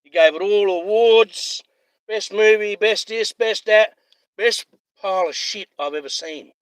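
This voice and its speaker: A man's voice: sits high, measured pace, clear, resonant tone, no echo. A man ranting heatedly on a livestream, swearing constantly and repeating himself. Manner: profane, heated, repetitive.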